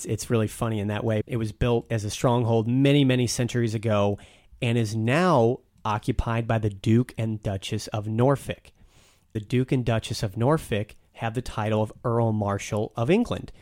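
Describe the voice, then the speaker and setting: A man's voice: mid-range voice, normal speed, darkish tone, no room sound, clean studio sound. A man talking casually and enthusiastically as a guest on a podcast, telling stories with some restarts.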